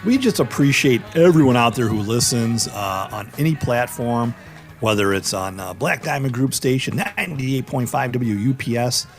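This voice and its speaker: A middle-aged man hosting a radio talk show, telling a story with a lively, swinging pitch. He talks in loose, animated banter and climbs into exclamations. His voice sits in a middle register. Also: moderate pace, faint music behind. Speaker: law show host.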